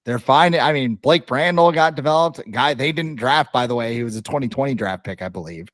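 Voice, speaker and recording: A man co-hosting a casual sports podcast, rambling and excitable, stumbling over names and coughing now and then. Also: mid-range voice, fairly quick, no room sound. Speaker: podcast co-host.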